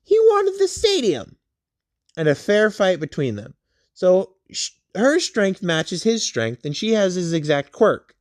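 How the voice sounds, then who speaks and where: Male storyteller, casual rambling retelling, slow and unhurried. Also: high voice, very animated. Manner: rambling, halting, with many fillers and restarts.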